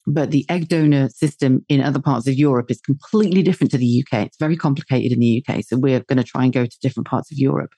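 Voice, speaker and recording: A woman's voice: a bass voice, fast talker, hardly any pauses, warm tone, husky, dry recording. A woman in her forties from the UK, a podcast host chatting casually in a blunt, sweary way and laughing often. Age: 40s. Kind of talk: casual chat.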